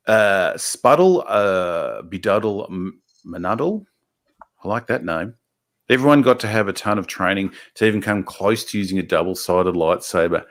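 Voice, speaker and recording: A man with a fairly low, fairly bright voice and an Australian accent hosts a casual livestream. He reads viewer comments aloud and rambles, swearing freely and filling his talk with restarts and fillers.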